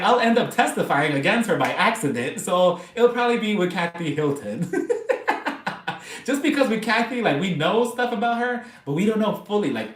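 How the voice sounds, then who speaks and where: A man hosting a casual live stream, chatting excitably and gossiping about reality TV between laughs. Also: sits high, roomy sound.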